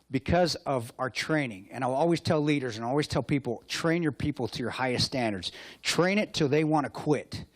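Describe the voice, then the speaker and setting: A man's voice: medium pitch, no room sound. A man delivers a motivational talk at a luncheon in a mid-range voice, mixing war stories with self-mocking jokes. He hammers points home with punchy, repeated phrases. The sound is close and dry with little room. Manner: joking, self-mocking storyteller. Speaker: keynote speaker. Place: hotel luncheon hall.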